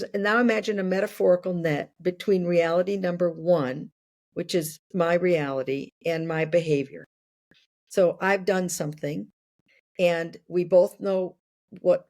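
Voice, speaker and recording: An older woman in her sixties speaks with a gravelly texture and a slightly low pitch. She explains ideas patiently, building them up with worked examples, in an unhurried conversational style. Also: darkish tone. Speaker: guest. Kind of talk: conversational interview.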